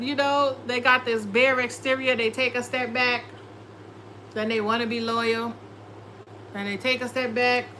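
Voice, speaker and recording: A woman's voice: on the high side, sharp tone, a little hiss or hum, poor audio. A woman doing a casual tarot reading, sassy and profane, often slipping into quoted voices. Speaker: tarot reader.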